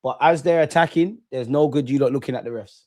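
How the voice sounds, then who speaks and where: A young man hosting a live football watch-along, reacting excitedly, swearing at the referee and telling the players to calm down. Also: mid-range voice, fast talker, a little hiss or hum. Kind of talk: live match reaction commentary.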